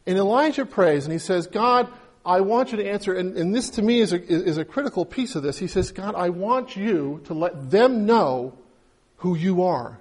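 A male pastor preaching a conversational sermon, retelling a scripture story and acting out the quoted lines with casual asides. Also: sits high.

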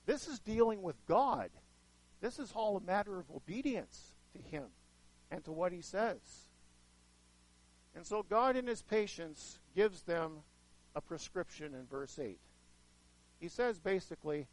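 A man with a high voice preaches a sermon in a room with a live audience, using lively intonation at a measured pace and pausing often. He is conversational, asking the audience questions, swinging dramatically in loudness and acting out quoted voices. The recording quality is low.

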